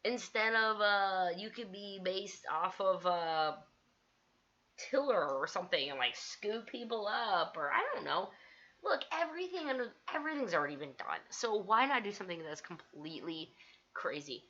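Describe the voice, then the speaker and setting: A woman hosting a casual livestream from a home studio, rambling excitedly and laughing often. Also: medium pitch, moderate pace, highs cut off. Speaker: livestream host. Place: home studio with green screen.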